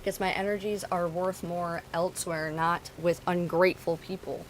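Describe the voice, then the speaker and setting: A woman's voice: lowish voice, steady tone, moderate pace, a little hiss or hum, poor audio. A woman streamer talking to her chat, venting bluntly and swearing freely. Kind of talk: casual talk to stream chat.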